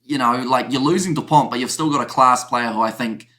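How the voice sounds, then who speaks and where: A man's voice: medium pitch, a little fast, bright, forceful tone. A man with a mid-range voice chats casually as a podcast co-host. He talks in an easygoing, rambling way, often saying "you know". He sounds like he is on a video call. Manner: chatty, uses "you know" a lot. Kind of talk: casual sports chat.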